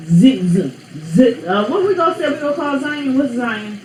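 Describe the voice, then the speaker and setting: A woman's voice: fairly high pitch, lively intonation, moderate pace, hardly any pauses, darkish tone, echoey room, a little hiss or hum, low-quality recording. A woman hosting her own vlog, chatting to viewers in a playful, rambling, teasing way. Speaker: vlog host. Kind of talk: casual chat to viewers.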